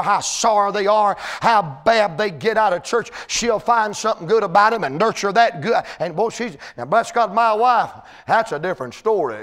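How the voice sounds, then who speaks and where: In a high, ringing voice, a pastor delivers a sermon, telling folksy stories before building to shouted lines and stretching out key words.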